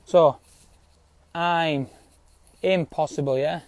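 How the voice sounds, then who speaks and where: Rambling, sweary man with a dark voice. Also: fairly high pitch, slow pace, dry recording. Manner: rambling and insistent, swears a lot, keeps adding "yeah?". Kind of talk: casual rant to viewers.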